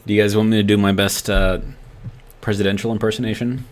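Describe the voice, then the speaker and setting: A man with a somewhat low voice streams a game, talking his moves through out loud. He rambles loosely and stops now and then to read chat messages to his viewers. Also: level tone, fast talker. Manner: rambling, thinks aloud, reads chat messages. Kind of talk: live gameplay commentary.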